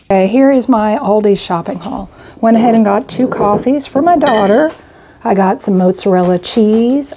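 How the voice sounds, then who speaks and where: Here a homestead vlogger, an older woman, casually lists off her grocery purchases, slightly breathless and fond of saying "I got" and "went ahead." She has a mid-range, dark voice, with a faint hiss or hum in the recording.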